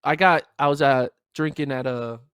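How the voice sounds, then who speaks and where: A man with a Northeastern Pennsylvania accent co-hosting a podcast in casual banter, animated and defensive, with stammering restarts. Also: medium pitch, normal speed, clear, resonant tone, dry recording, studio quality. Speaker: podcast co-host.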